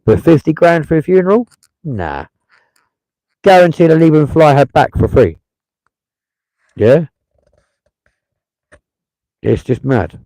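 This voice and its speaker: A man's voice: fairly high pitch, big pitch swings, takes it slowly, long pauses, mellow, no room sound, poor audio. A man hosting a live stream, giving blunt, profane, heated casual commentary.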